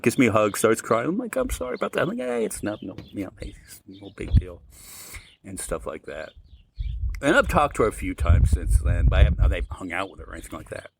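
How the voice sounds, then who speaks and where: A podcast co-host with a low voice and some vocal fry rambles casually through a long story, acting out the quoted lines with animation. There's slight background noise.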